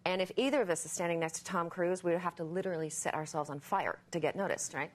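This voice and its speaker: A woman's voice: fairly low pitch, quick pace. A woman from Australia, an actress guest on a late-night talk show, telling funny anecdotes in a chatty, self-mocking way with frequent laughs. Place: TV studio. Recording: noisy VHS broadcast tape.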